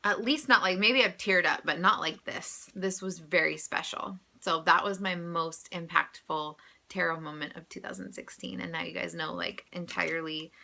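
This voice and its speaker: Chatty woman with a bright voice. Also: fairly low pitch, steady tone, moderate pace, creaky, few pauses. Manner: chatty, emotional, many "like" fillers. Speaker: tarot vlogger. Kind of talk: casual vlog monologue.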